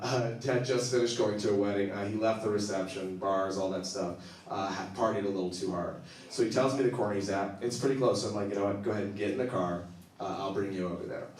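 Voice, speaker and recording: Stand-up comedian in an echoey club. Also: male voice, on the low side. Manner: animated, breaks into laughter, acts out quotes. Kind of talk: stand-up storytelling. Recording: echoey room, from a distance.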